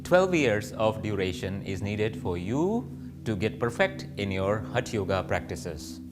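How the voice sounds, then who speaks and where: A man's voice: on the low side, very animated, unhurried, music in the background. A man teaching yoga, reflective, asking and answering his own questions. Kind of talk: spoken yoga lesson.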